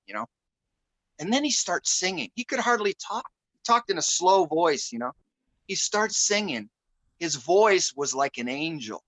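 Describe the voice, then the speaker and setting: A male guest musician telling a story in a casual, rambling way, full of fillers and pauses as he searches for words, over a video call. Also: sits high, lively intonation, a bit bright, no echo, poor audio.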